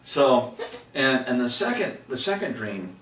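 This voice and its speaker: A middle-aged man from Texas, a guest in an interview, telling about his dreams in an animated way, jumping to high exclamations when he acts out scenes. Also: measured pace, far from the mic. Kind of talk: personal storytelling in an interview. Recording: roomy, from away from the mic, faint background hiss.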